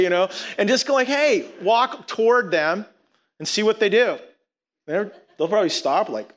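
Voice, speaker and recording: A man preaching a conversational sermon, acting out little scenes and quoting characters in lively voices. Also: sits high, normal speed. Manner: animated, conversational, acts out quotes. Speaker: pastor.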